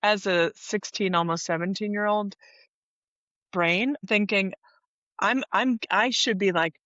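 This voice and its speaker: A woman therapist hosts the conversation and steps in with gentle, probing questions. Her voice sits at a middle pitch, and the audio is a little dull and dry. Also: unhurried, no room sound. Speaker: podcast host, therapist. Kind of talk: interviewing.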